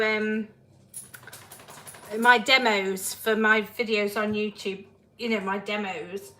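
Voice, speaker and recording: A woman's voice: mid-range voice, fairly even intonation, slow pace, pauses often, pushed and bright. A woman live-streaming from home, flustered and laughing at her own technical mishaps, speaking to a phone on a shelf above her. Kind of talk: casual live-stream chat. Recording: echoey room, faint ambience.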